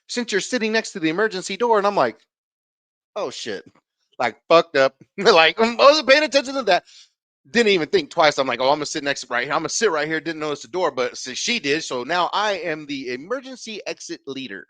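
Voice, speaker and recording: Animated, profane man telling a story. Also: sits high, brisk, no echo. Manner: animated, profane, swings loud and quiet while acting out quotes. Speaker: podcast host. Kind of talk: casual storytelling.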